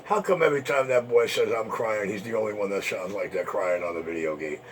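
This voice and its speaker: A man's voice: on the low side, a little fast, soft background music. A man hosting an internet radio show, taunting and boasting in a profane monologue.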